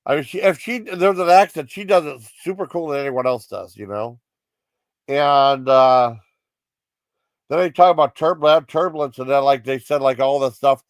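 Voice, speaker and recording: A man's voice: medium pitch, normal speed, no echo. A man casually reviewing comedy sketches, rambling with many fillers and giggly asides. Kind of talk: casual chat.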